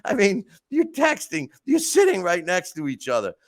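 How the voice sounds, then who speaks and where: A man hosting a podcast, talking through casual stories and rants in an animated way with lots of restarts. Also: high voice, normal speed, no echo. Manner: animated storytelling, frequent restarts and asides. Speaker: podcast host. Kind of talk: casual monologue.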